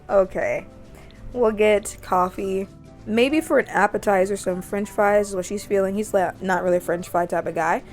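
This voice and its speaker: A woman's voice: mid-range voice, normal speed, faint music behind. Chatty young woman narrating her game. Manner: chatty, easily excited, gasps and laughs. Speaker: gaming channel host. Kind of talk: let's-play commentary narrating a life-sim game.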